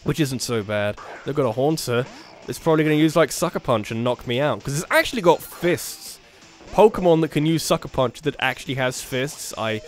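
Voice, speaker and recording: A man hosting a let's play video, giving casual game commentary in a rambling way, full of restarts and joking asides. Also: mid-range voice.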